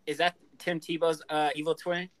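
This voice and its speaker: A man's voice: on the high side, little pitch movement, moderate pace, a little hiss or hum, low-quality recording. A young man in casual chat with friends, joking and acting out what other people say. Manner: joking, acts out others' lines.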